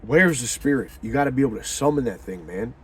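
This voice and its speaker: Man, mid pitch, slangy, profane motivational preacher who swings from loud to hushed, faint hum behind. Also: animated, fast talker. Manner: swings from fired-up shouting to hushed low murmurs. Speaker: motivational talker. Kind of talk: animated religious pep talk.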